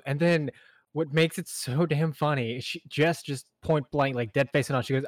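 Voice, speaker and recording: A man's voice: a little high, fairly even intonation, brisk, no room sound. A young man co-hosting a podcast, telling a funny story with lots of laughter. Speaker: podcast co-host. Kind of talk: casual storytelling.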